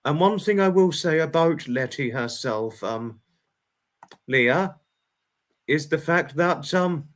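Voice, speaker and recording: A man's voice: a little high, lively intonation, takes it slowly, pauses often, a bit bright. A man hosting a casual livestream, chatting with viewers and reading their comments aloud, giggling constantly between his words. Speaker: livestream host.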